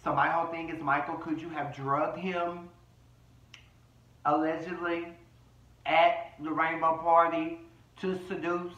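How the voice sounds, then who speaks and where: Male commentary host, brash and catty, slightly high voice, dull echoey home recording. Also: level tone, unhurried, long pauses, fairly bright tone, recorded from a distance. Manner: brash, profane, sassy, reading people. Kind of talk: casual reality-TV recap.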